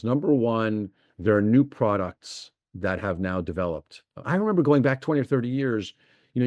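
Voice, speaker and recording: A man's voice: lowish voice, darkish tone, no room sound. A middle-aged man, an investment executive talking as a podcast guest, explaining eagerly and piling up examples. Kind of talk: podcast interview.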